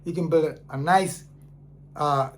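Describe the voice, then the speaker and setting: A man's voice: a little high, steady tone, a little slow. A man, an independent artist, talking casually and earnestly to the camera, telling stories and repeating phrases for emphasis. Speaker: independent artist, channel host.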